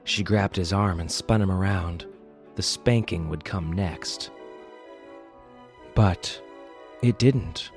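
A man hosting a podcast and reading a story aloud with expressive, wry delivery. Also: sits low, slow, long pauses, faint music behind. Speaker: podcast host and narrator. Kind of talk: storybook narration.

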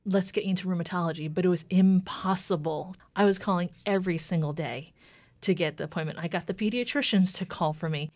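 Low-voiced woman telling her story. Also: a little fast, a little mellow, dry recording. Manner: earnest, retelling with quoted dialogue. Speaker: guest. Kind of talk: personal story in an interview.

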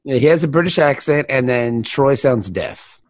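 A man's voice: medium pitch, animated, normal speed, no echo. A man co-hosting a casual podcast chat, rambling and laughing, often slipping into silly voices. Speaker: podcast co-host.

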